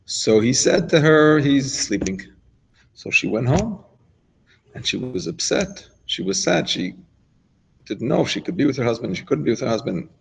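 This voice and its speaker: A man's voice: medium pitch, sing-song, normal speed, vocal fry, husky, low-quality recording. A man giving an informal Torah lesson, talking it through conversationally with asides and restarts. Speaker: rabbi teaching a class.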